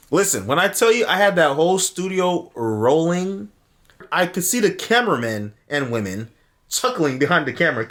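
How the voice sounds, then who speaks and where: A man with a fairly high voice tells a story for his channel. His pitch jumps all over as he goes, and he acts out what people said. He swears casually and laughs often. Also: very animated, normal speed, a bit bright. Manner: laughs often while telling. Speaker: video commentator. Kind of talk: animated storytelling commentary.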